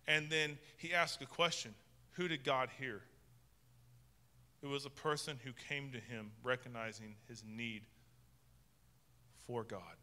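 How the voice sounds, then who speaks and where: Bright-voiced pastor preaching in a reverberant hall. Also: male voice, mid-range voice, fairly even intonation, unhurried, pauses often. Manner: conversational preaching with frequent restarts. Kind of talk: sermon. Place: church sanctuary with long reverb.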